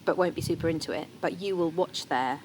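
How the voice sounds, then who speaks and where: An enthusiastic woman co-hosts a podcast in a casual chat. Her voice sits somewhat low for a woman. Steady background noise is clearly heard behind her. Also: a little fast. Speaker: podcast co-host.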